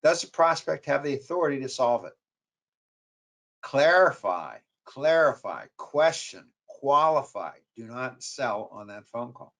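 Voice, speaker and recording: A man's voice: mid-range voice, lively intonation, a little fast, creaky, few pauses. A man with a New York accent giving a webinar lecture on sales calls, repeating key points with emphasis. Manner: repetitive, emphatic coaching delivery. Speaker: marketing professor.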